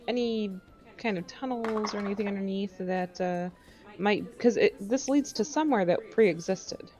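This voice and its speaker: A woman's voice: medium pitch, moderate pace, over music. Casual woman player at the table. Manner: casual, with hesitant restarts. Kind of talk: playing a tabletop game.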